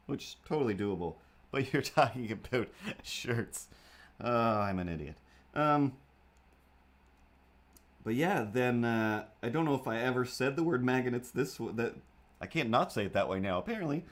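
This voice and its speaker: A man's voice: mid-range voice, animated, moderate pace. A young man hosting a livestream, chatting casually while he draws. He rambles, jokes at his own expense and often drifts off topic. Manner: meandering, self-deprecating, goofy. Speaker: livestream host.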